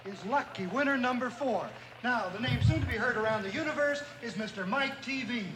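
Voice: mid-range voice, brisk, close to an everyday voice. Brief: actor as a brash TV reporter, roomy echo, noisy old film clip. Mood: eager. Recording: old film clip played over hall speakers.

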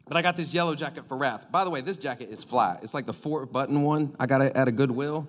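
A man preaching a sermon in a lively, joking way, getting the congregation to call back to him. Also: fairly high pitch, brisk, hardly any pauses. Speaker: pastor.

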